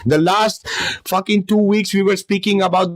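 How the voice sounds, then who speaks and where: A man's voice: high voice, fairly even intonation, normal speed. A man host in a heated argument, combative and swearing, talking over the other speaker.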